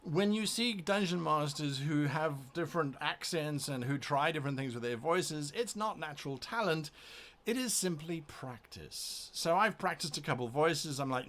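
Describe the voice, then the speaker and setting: A man with a somewhat high voice talks informally before a tabletop session. He explains his preparation as a game master and thinks aloud as he goes. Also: lively intonation, normal speed, a bit bright. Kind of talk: casual pre-session talk to camera.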